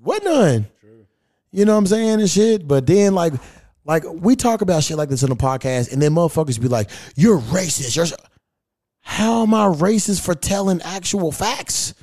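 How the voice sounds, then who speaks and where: A man's voice: high-pitched, very animated, moderate pace, darkish tone, no echo, studio quality. Blunt, profane man on a podcast. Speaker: podcast host. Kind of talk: casual chat.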